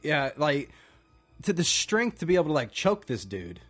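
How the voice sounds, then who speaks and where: A man co-hosting a podcast in casual chat, excitable and emphatic, swearing freely. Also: on the high side, moderate pace, faint music behind. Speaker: podcast co-host.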